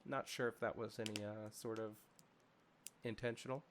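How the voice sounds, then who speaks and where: A man with a very low voice narrating fan fiction on a podcast. He reads the story plainly, then drops into wry, joking asides with his co-host. The tone is loose and casual. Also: fairly even intonation, moderate pace, a little hiss or hum. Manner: wry and joking, often laughing. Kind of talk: reading fan fiction aloud with joking commentary.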